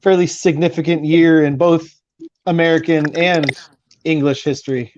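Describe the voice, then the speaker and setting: A man's voice: fairly high pitch, fairly even intonation, moderate pace, darkish tone. A man hosting a casual trucker round table, rambling a little as he tells stories. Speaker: host trucker. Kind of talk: casual chat. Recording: dull lo-fi line with faint noise.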